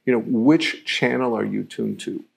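A man's voice: medium pitch, moderate pace, gravelly, breathy edge. A man giving a live-streamed self-mastery teaching talk, reflective and explaining through everyday examples, with many fillers.

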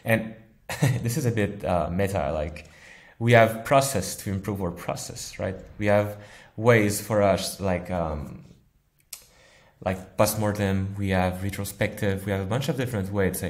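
Low-voiced engineer guest, thoughtful. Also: male voice, a little slow. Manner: thoughtful, laughs easily, uses analogies. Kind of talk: casual interview answers.

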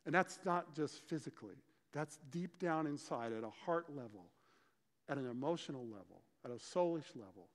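A man preaching a sermon, explaining scripture and telling stories with lively, acted-out dialogue. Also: medium pitch. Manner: animated storytelling, acts out dialogue. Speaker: pastor. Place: church sanctuary. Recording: church hall reverb.

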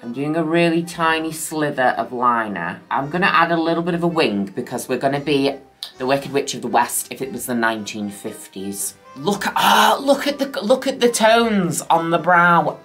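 Lively, bright-voiced woman vlogger. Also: normal speed, faint music behind. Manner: chatty, camp and playful, drops a flat low "people" at line ends. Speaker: makeup vlogger. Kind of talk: casual makeup tutorial chat.

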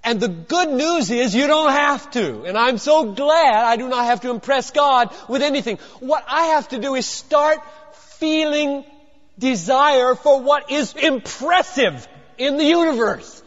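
An older man preaching a sermon, swinging from loud emphasis down to hushed, low lines. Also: lively intonation, measured pace. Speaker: pastor. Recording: dull lo-fi with long hall reverb.

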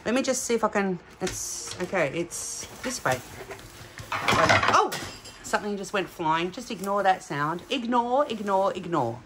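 A woman from Australia, host of a diamond painting channel, talks in an animated, medium-pitched voice at a slightly slow pace over a noisy background. Her unboxing vlog is chatty and aimed straight at viewers as she presents a craft kit.

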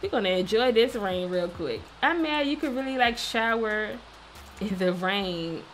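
A woman's voice: mid-range voice, expressive, measured pace, slight background noise. Chatty woman narrating a game. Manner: chatty, playful, talks to the game characters. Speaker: gaming video host. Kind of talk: casual let's-play commentary.

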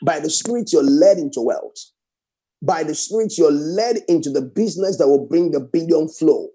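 A man preaching a sermon fervently, repeating phrases and swinging from raised exclamations to hushed prayer. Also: a little high, expressive, normal speed, husky.

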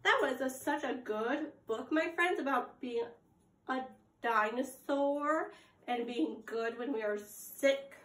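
A woman's voice: high-pitched, a bit bright. A young adult woman teaching preschoolers at circle time, reading aloud and prompting them with gasps and questions. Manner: slow, sing-song, exaggerated gasps and prompts to children. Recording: echoey room.

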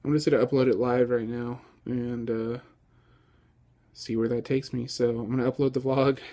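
A man's voice: medium pitch, moderate pace. A man chatting casually to camera as a vlogger, easygoing and rambling with many ums and uhs. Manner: excitable, gushing. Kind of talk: casual vlog chat.

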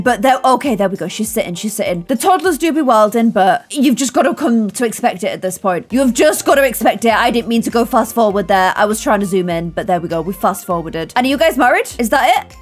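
Irish girl playing a life sim, high lively voice going all over, bit of music behind. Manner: excitable, exclaims and scolds game characters. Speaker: gaming YouTuber. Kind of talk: Let's Play commentary. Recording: faint background music.

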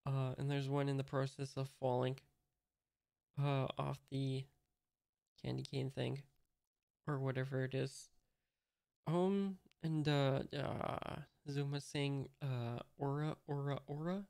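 A man's voice: mid-range voice, flat delivery, slow pace, vocal fry, long pauses, a little mellow, clear, resonant tone, no room sound, studio quality. A man casually reading a comic aloud, hesitantly describing each panel as he figures it out. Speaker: host reading a manga aloud. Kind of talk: casual read-along commentary.

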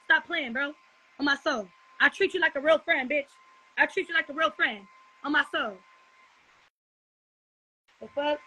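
A woman's voice: very high voice, pushed and bright. A young woman ranting on a livestream, profane and defensive, repeating herself. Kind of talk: heated livestream rant.

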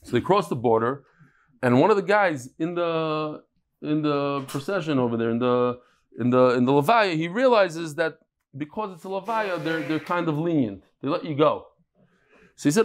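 A man teaching a daily Talmud class, telling stories with animated energy and mixing Hebrew and Yiddish terms into his English. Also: a little high, normal speed.

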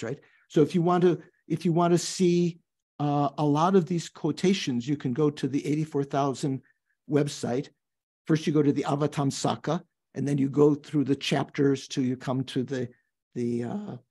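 An older man teaching a class on a Buddhist text, reading passages aloud and explaining them in a thoughtful, halting way, with questions to his students. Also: medium pitch, warm tone, slightly rough.

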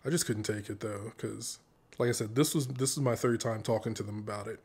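A man vlogging, casually recounting a story with many "you know" fillers and lively, animated quoted dialogue. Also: lowish voice, a little fast, husky. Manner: conversational, heavy "you know" fillers, animated when quoting others.

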